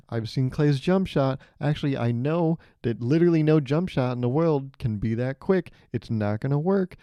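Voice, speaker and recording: A man's voice: medium pitch, expressive, moderate pace, few pauses, clean tone, dry recording. A young man hosting a solo podcast, telling rambling stories with a sarcastic edge. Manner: rambling and sarcastic, acts out loud voices. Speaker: podcast host. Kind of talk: solo comedic storytelling.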